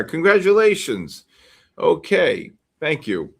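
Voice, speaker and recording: A man hosting a live stream, calling out giveaway numbers and names in a casual, drawn-out way with quick asides. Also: mid-range voice, sing-song, fairly bright tone. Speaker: livestream host calling giveaway winners.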